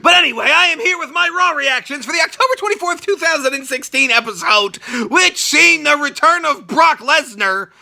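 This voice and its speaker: Loud sarcastic guy ranting about wrestling, swears a lot, gravelly and very bright voice. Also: extremely high pitch, lively intonation, brisk. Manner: loud, sarcastic, swears constantly, shouts often. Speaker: wrestling reaction show host. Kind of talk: profane ranting review.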